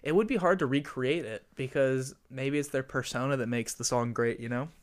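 A man's voice: medium pitch, a little fast, clean tone. A young man in casual podcast chat, swearing a lot and laughing often.

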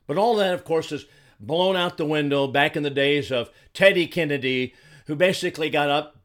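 Older male commentator from Arizona, indignant and emphatic, slightly higher voice. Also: moderate pace, fairly bright tone. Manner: indignant, emphatic, repeats words when heated. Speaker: political commentator. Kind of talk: solo commentary monologue.

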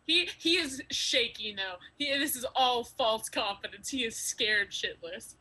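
A woman's voice: fairly high pitch, unhurried, sharp tone, rough recording. A woman playing a tabletop game, hesitant and full of fillers as she asks about rules. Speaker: player.

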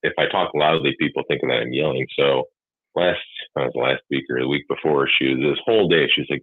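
A man with a very deep, husky voice chats in a measured, reflective manner, sometimes flat and mumbling. The sound is dry and thin, like a phone line. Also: no echo. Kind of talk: casual chat.

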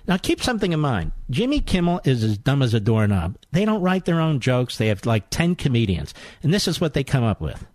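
A man's voice: medium pitch, fairly quick, few pauses, dry recording, studio quality. Sarcastic, combative male radio host. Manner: combative, mocking, animated. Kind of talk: sarcastic political talk radio monologue.

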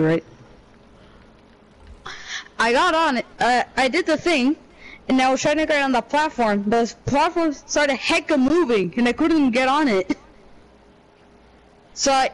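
A man's voice: extremely high pitch, low-quality recording. Rambling young man telling a story. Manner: rambling, exasperated storytelling with slang. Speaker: podcast co-host. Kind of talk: casual chat.

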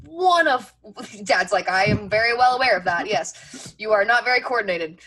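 A woman in her twenties co-hosts a racing talk show, keeping the sports chat casual. Her mid-range voice is animated and a bit bright at a moderate pace, and she's chatty and self-mocking with frequent restarts.

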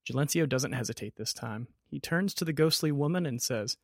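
Gravelly man reading a story aloud. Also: medium pitch, a little fast, dry recording, clean studio sound. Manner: steady, descriptive narration. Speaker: narrator.

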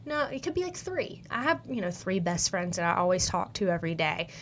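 A woman's voice: on the low side, big pitch swings, fairly quick, a little hiss or hum. A young woman with a Southern US country accent, hosting a podcast and giving casual, upbeat advice, full of "like" and "you know". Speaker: podcast host.

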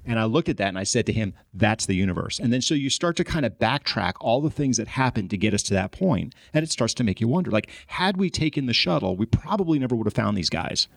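A man telling a story as a podcast guest, animated and acting out his own frustration. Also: medium pitch, fast talker, creaky, few pauses, no echo, clean studio sound. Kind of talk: storytelling in casual podcast chat.

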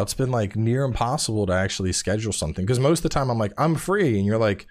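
A tired man in his thirties, a podcast guest chatting casually and telling animated stories with plenty of swearing. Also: lowish voice, quick pace. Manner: animated storyteller, swears freely. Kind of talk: casual chat.

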